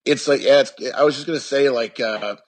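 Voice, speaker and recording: Husky young guy rambling through an interview, keeps restarting, mid pitch. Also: fairly quick. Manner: rambling, with many restarts and fillers. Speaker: guest. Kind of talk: casual interview chat.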